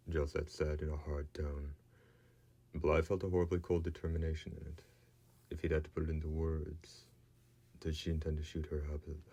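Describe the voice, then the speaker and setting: Very deep, flat male narrator. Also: creaky, slightly rough. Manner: steady, even storytelling. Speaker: audiobook narrator. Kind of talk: scripted narration.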